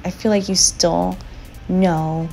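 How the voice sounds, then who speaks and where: A young woman talking through a makeup tutorial in a chatty, relaxed, slightly slow and sleepy voiceover recorded as a voice memo. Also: on the low side, gravelly, soft background music. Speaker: beauty vlogger.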